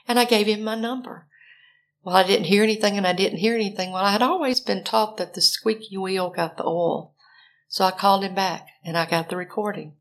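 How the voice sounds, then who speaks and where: A woman's voice: medium pitch, brisk, a bit bright. An older woman from Alabama, telling a personal story and animatedly acting out her own panicked phone calls.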